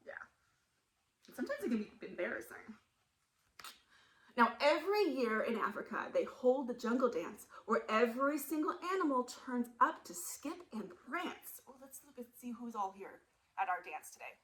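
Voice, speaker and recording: A woman storyteller at a museum reads a picture book to children, lively and asking them questions. Her voice is on the high side at a moderate pace, and the recording is low quality.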